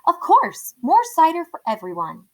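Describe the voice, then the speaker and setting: A woman's voice: very high voice, huge pitch swings, normal speed, voice pushed up, heavily acted. A woman reading aloud, voicing a nervous, apologetic male restaurant owner who is eager to please. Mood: fawning.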